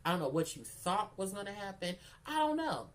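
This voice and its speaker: A woman's voice: mid-range voice, very animated, brisk. A woman telling a candid, profane story in casual vlog chat, repeating phrases for emphasis and calling the listener "girl". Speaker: storyteller vlogger.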